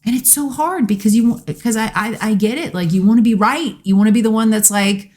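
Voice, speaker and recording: A woman's voice: fairly high pitch, fairly quick. A woman in casual conversation on a podcast, speaking earnestly and reflectively about relationships. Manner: earnest, reflective, quotes people in lively bursts. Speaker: podcast guest, host's wife.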